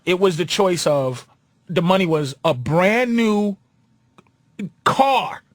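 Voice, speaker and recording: A man guesting on a radio talk show, telling a profane, animated story in casual banter. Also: sits high, slow pace, dry recording, studio quality. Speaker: comedian guest.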